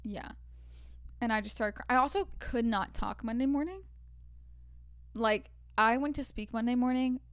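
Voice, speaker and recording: Chatty young woman, smooth clear voice. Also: a little high, normal speed, pauses often, no room sound, studio quality. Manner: chatty storyteller, many "like" fillers. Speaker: podcast co-host. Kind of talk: casual chat.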